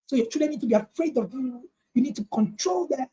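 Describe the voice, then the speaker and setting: A woman's voice: high voice, lively intonation, quick pace, warm tone. A woman parenting coach giving a motivational talk to parents, emphatic, repeating her points and asking rhetorical questions.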